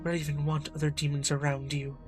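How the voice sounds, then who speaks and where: A cruel female demon, read by a man taunts her former lover in a game. Her talk is mocking and slow to show mercy. Faint music plays behind the voice. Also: fairly high pitch, completely flat delivery, close to an everyday voice. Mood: taunting.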